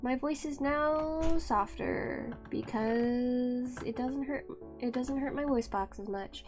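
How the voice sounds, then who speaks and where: A woman streaming a game and chatting with her viewers, speaking softly and rambling. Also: high voice, slow, over music. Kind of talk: casual live-stream chat.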